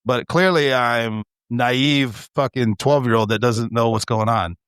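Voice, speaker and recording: A man co-hosting a podcast, telling stories in an animated, swearing, laughing casual chat. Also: mid-range voice, a little slow, clear, resonant tone, dry recording, studio quality. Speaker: podcast co-host.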